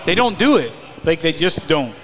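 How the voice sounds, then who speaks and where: Male podcast co-host with a high voice, a former mini tour golfer, tells rambling self-mocking stories. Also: very animated, moderate pace, a bit bright, a faint crowd. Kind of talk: casual chat.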